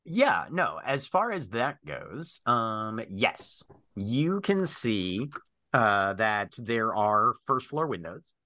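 A man's voice: fairly low pitch, very animated, takes it slowly, pushed and bright, no room sound, studio quality. A man acting as game master, describing the scene in a hesitant way with many fillers. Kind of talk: narrating a tabletop game.

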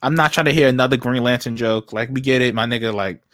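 A man's voice: mid-range voice, fast talker, fairly bright tone, no echo, clean studio sound. A man co-hosting a podcast, talking in casual, profane, slangy banter. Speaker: podcast co-host.

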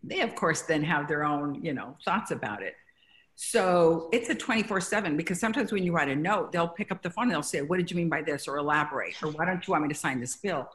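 A middle-aged woman from Mexico, a guest in an interview, telling stories with halting restarts. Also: sits low, lively intonation. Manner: warm storytelling, grows emotional, halting restarts. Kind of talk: conversational interview.

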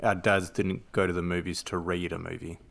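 A man joining a casual film podcast as a guest, making measured, wry comparisons. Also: low-pitched, little pitch movement, vocal fry, fairly bright tone.

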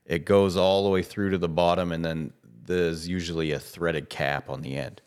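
A man co-hosts a podcast in loose, casual chat. He is blunt, profane and laid-back, and his voice is very low. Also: fairly even intonation, normal speed, clean tone. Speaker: podcast co-host.

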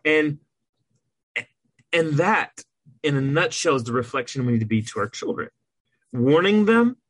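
Brief: man, podcast co-host, earnest and emphatic, slightly husky, fairly high voice. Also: animated, a little slow, no room sound. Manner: earnest, emphatic, with repeated restarts. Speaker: adoptive parent. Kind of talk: earnest conversational podcast talk.

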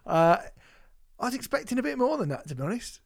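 A man's voice: very high voice, big pitch swings, quick pace, gravelly. A man, co-hosting a podcast in casual chat, rambling and laughing often. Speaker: podcast co-host.

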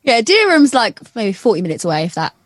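Chatty Norfolk woman, higher voice. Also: sing-song, fast talker, no room sound. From Norfolk, England. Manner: chatty, laughs often. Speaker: radio presenter guest. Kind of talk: casual podcast chat. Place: caravan.

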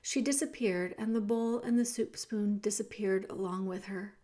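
A woman reading a children's novel aloud in a measured, expressive storybook narration. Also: medium pitch. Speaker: audiobook reader.

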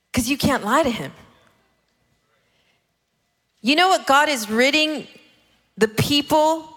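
A woman preaching a sermon in an animated way, acting out other people's voices as she tells stories. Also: a little high, in a large hall. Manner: animated, acts out voices of her kids and God.

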